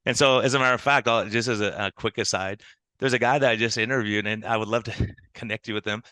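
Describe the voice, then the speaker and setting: A man, an internal medicine doctor, telling animated stories as a podcast guest and acting out the people he quotes. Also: lowish voice, fast talker, dry recording. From United States. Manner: animated storytelling with quoted dialogue. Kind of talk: conversational interview.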